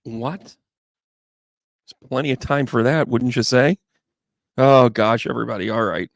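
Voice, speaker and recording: A man's voice: mid-range voice, measured pace, creaky, dry recording, studio quality. Chatty man hosting a live tarot stream. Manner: chatty and playful, rambling asides and jokey voices. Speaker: psychic medium and tarot reader, live stream host. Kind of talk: casual live-stream chat.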